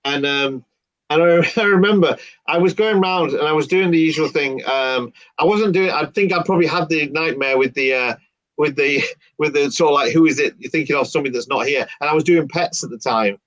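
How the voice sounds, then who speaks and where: A man's voice: a little high, a little fast, dry recording, muffled recording. A man, a magician, telling a story casually and acting out the dialogue. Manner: animated, acts out dialogue. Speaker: guest magician.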